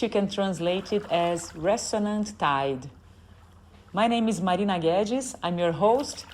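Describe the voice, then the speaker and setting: A woman's voice: medium pitch, a little mellow, a little hiss or hum. A woman from Brazil hosting a podcast interview, nasal from a cold, speaking with eager enthusiasm. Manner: enthusiastic, repeats words for emphasis. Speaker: podcast host. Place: guest's home on an island.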